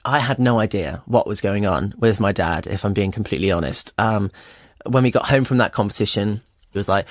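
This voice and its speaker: On the low side and brisk, this English guest in his twenties recounts his story on radio, earnest and open, peppering it with fillers. The studio microphone gives a dry recording.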